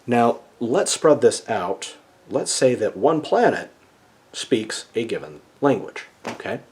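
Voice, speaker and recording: A man with a fairly low voice talks through ideas in a casual, lecturing monologue. He keeps checking in with his listener with an "okay?" after nearly every point. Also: a little mellow. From United States. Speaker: video essayist.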